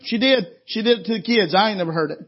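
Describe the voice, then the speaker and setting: A man's voice: high voice, fast talker, highs cut off. A man preaching at a camp meeting, telling folksy down-home stories and calling out to the congregation. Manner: folksy, down-home, calls for audience response. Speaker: traveling preacher. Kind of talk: sermon storytelling.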